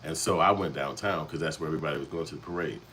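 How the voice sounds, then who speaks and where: Male host from Chicago's South Side, very low voice, loose profane storytelling, faint background hiss. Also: very fast, a bit bright, rough recording. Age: adult, past young adulthood. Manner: rambling, profane, street-casual. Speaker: channel host. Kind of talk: casual storytelling commentary.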